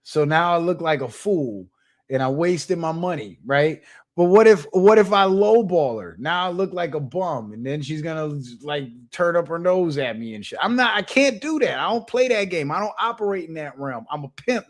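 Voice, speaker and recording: A young adult man hosting his channel, telling a funny story in a casual monologue, animated and profane, with laughs. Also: on the high side, normal speed. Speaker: channel host.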